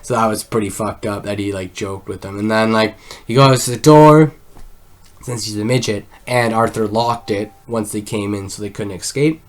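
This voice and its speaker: A man's voice: fairly low pitch, moderate pace. A man casually recapping a film, rambling, swearing often and leaning on "like" as a filler. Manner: rambling, swears a lot, heavy use of "like". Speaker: film reviewer.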